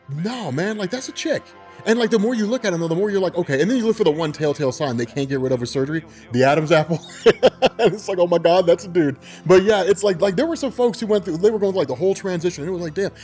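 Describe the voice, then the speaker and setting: A man in his twenties telling a story on his own channel in a loose, animated way, laughing often and swearing freely. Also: sits high, fast talker, faint music behind. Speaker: vlogger. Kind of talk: casual storytelling.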